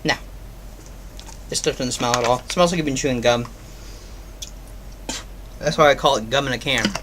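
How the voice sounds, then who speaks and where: A man at a middle pitch gives a loose, casual review. He rambles and fills pauses with ums and uhs, and a faint hiss sits under his voice. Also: fairly bright tone. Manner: rambling, filler-heavy, offhand. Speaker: product reviewer.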